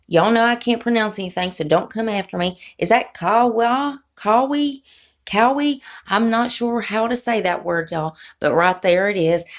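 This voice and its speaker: Gravelly-voiced Southern woman vlogger. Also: mid-range voice. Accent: Southern US (South Carolina). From South Carolina, US. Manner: folksy, chatty, playfully sassy. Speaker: beauty YouTuber. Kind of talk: casual vlog chat.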